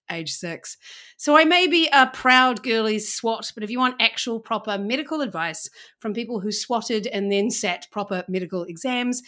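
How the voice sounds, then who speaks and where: Bright-voiced New Zealand woman podcast host. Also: mid-range voice. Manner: playful, theatrical. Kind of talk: casual chat.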